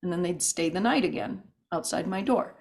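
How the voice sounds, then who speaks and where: A woman telling stories as a podcast guest, animated and rambling with restarts and asides. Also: lowish voice, moderate pace. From United States. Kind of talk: podcast interview storytelling.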